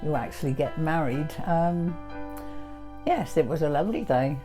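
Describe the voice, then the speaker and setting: An older woman fondly reminiscing in an interview, hesitant with many pauses. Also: deep voice, over music. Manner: hesitant, fond, many ums.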